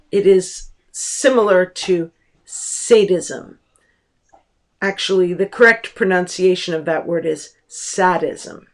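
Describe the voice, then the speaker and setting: Slow, deliberate woman teacher. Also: mid-range voice. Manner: slow, deliberate explaining with pauses. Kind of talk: lecture on a book.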